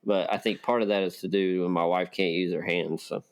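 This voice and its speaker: A man's voice: low-pitched, steady tone, fairly quick. A man guesting on a podcast, chatting casually in a jokey, playful way. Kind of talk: casual chat.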